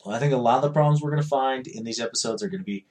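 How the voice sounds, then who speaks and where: A man co-hosting a casual podcast, profane and animated, acting out dialogue in quick bursts. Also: mid-range voice. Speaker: podcast co-host.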